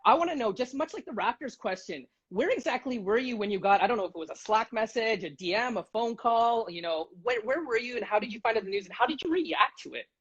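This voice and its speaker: A man's voice: extremely high pitch, expressive, quick pace, few pauses, a bit bright, breathy edge. A man hosting an interview, teasing his guest and laughing often. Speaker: interview host. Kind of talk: casual interview chat. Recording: muffled lo-fi audio.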